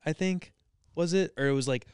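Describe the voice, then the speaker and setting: A man's voice: on the high side, a little fast, a little mellow, clear, resonant tone, no echo, studio quality. A young man hosting a podcast who jokes around, swears freely and retells stories with quoted lines. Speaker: podcast host. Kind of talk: casual chat.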